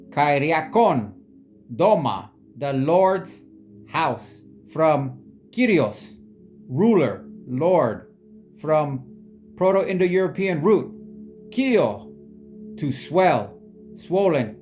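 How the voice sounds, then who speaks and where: A speaker reading long quotes aloud in a halting way, stumbling over unfamiliar words. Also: mid-range voice, a little mellow. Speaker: reader sharing quotes and sources.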